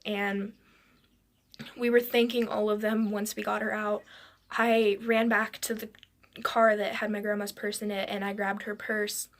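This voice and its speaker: A woman telling a personal story in a halting way, with restarts and frequent drops into a whisper. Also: mid-range voice, little pitch movement.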